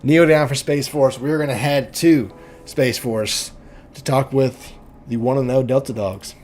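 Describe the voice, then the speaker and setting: A man's voice: mid-range voice, steady tone, measured pace, a little mellow, a little hiss or hum. Joking young man calling league game. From Oklahoma. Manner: joking, laughs often, fumbles names. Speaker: play-by-play commentator. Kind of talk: video game league commentary.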